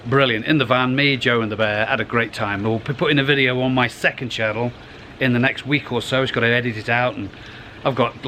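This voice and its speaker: A middle-aged man talks casually beside his pond outdoors. His voice sits at a middle pitch, and he rambles along, restarting half his sentences. Faint outdoor noise runs underneath. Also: bright, forceful tone. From United Kingdom. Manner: rambling and chatty, restarts phrases. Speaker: koi pond vlogger. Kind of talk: casual vlog.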